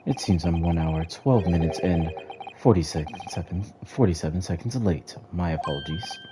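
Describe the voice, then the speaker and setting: A man voicing a stern older British chief judge, making his voice deep and speaking slowly and formally. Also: background noise, natural voice. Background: game music.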